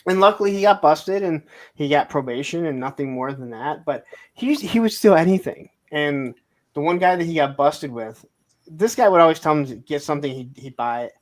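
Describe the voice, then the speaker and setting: Man, fairly high pitch, casual live-stream chat, rambling anecdotes, acts out quotes. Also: animated, a little fast. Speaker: co-host of a toy live stream. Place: home setup on a live stream. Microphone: streaming mic.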